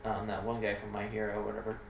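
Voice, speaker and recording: A man's voice: lowish voice, completely flat delivery, fast, vocal fry, slight background noise. A man hosting a reaction video, casual and joking, defending the game with sarcastic jabs. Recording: echoey room.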